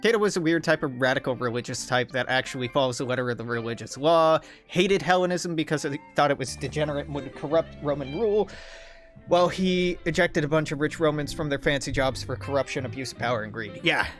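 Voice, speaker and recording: A man's voice: on the high side, fast talker. A man casually streaming a game from his desk at home, rambling off topic with plenty of swearing. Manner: rambling, digressive and profane. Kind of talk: casual rambling gameplay commentary. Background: faint game music.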